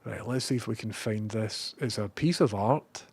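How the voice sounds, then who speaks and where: A Scottish man chatting casually on a live stream. He rambles, swears freely and now and then bursts out loudly. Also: on the low side, moderate pace, husky. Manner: rambling and profane, with bursts of loud excitement.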